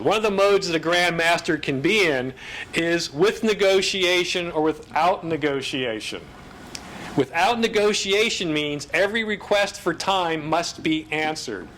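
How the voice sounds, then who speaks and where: A man giving a technical conference presentation, explaining terms in a brisk, fast-bursting way. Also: a little high, a bit bright, slight background noise.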